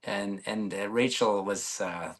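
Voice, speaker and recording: A middle-aged man, a former music TV host, excitedly telling stories in a casual chat and often stammering over repeated words. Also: lowish voice, slow.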